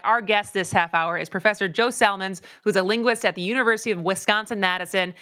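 A woman hosting a radio talk show, chatty, rushing her questions along and using lots of "like" fillers. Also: medium pitch, bright, forceful tone, dry recording. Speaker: radio host.

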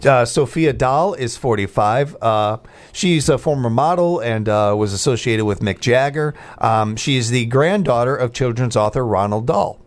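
A man in his forties hosts a radio show in a mid-pitched voice. He chats in a relaxed, rambling way, restarting his sentences and filling pauses as he goes. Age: 40s. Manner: chatty, loose, with frequent fillers and restarts. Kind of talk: casual on-air chat.

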